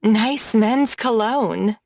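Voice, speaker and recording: A woman's voice: a little high, very slow, creaky, a little mellow, no room sound, studio quality, heavily acted. A woman doing a teasing young woman friend. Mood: sly. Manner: playful, teasing. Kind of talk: audiobook narration.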